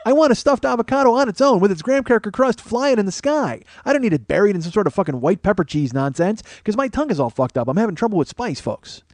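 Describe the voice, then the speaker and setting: Fast-talking profane comedian man. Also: sits high, no echo. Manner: profane, animated storytelling. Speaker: comedian host. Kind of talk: rambling comedic monologue.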